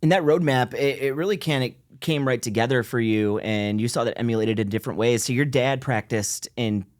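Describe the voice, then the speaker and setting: Quick-paced male interviewer, lowish voice, close dry mic. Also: no echo. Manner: friendly, leading questions. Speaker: interview host. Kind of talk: casual interview questions.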